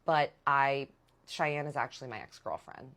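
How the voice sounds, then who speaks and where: Woman putting on a soft-spoken, smooth-talking young man. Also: rumbling low, normal speed, pitched below the performer's own voice. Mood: confessional. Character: smooth-talking, tipsy young man charming his date.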